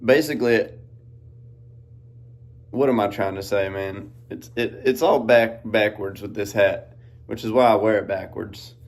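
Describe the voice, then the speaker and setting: A man's voice: fairly low pitch, unhurried, pauses often. Laid-back man rambling. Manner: laid-back rambling with Southern-style slang. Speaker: podcast host. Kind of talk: casual monologue. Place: outdoors in farm fields.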